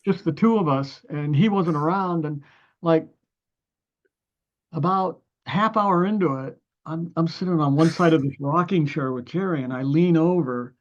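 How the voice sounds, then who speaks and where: A man's voice: on the high side, moderate pace. Older ohio guy rambling thru a story, lots of um and uh, keeps restarting, kinda muffled dull audio. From Ohio, USA. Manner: rambling anecdotes with many restarts and fillers; acts out other people's lines in the story. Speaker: musician guest. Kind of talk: conversational storytelling.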